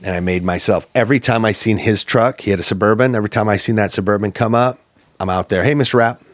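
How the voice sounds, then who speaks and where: Deep-voiced man telling his story. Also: fast talker, no echo. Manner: earnest, reflective, plainspoken. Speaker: podcast guest. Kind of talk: candid personal storytelling.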